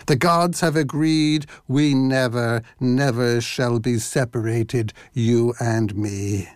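A man's voice: mid-range voice, steady tone, takes it slowly, no echo, studio quality, lightly acted. A man voicing a frantic, lovesick female water nymph who pleads and sobs breathlessly in a storybook reading. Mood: hissing.

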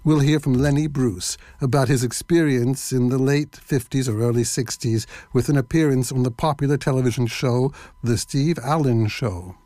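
A man giving a measured, explanatory lecture that introduces a recorded clip. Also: medium pitch, mellow, dry recording.

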